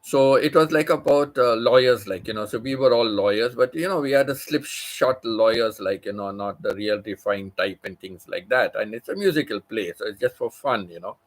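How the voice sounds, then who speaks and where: A man's voice: medium pitch, moderate pace, hardly any pauses. A man, a livestream host, telling a long personal story in casual chat, full of "you know" and restarts. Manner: rambling, many fillers like "you know".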